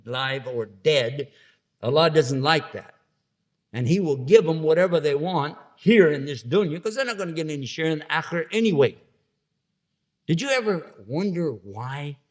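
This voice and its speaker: A man giving an Islamic lecture to an audience, talking conversationally, asking listeners questions and acting out little scenes in funny voices. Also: mid-range voice.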